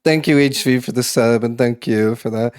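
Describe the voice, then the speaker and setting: Casual streamer guy, mid-pitched, easygoing and rambling, loose with swearing. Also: normal speed, a little mellow, clean tone. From Massachusetts. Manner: laid-back, rambling, swears and laughs easily. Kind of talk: casual chat with live chat.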